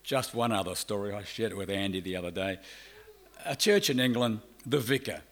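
A middle-aged man with an Australian accent preaching a sermon. He shifts between loud, drawn-out emphasis and quiet, fast asides. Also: fairly low pitch, expressive. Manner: acts out quoted people in brief voices.

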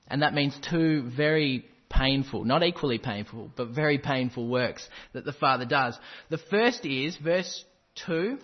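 A man's voice: mid-range voice, expressive, unhurried, dull audio. A man preaching a sermon, quoting scripture and driving points home with emphatic repetition. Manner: emphatic, quotes scripture with rising intensity.

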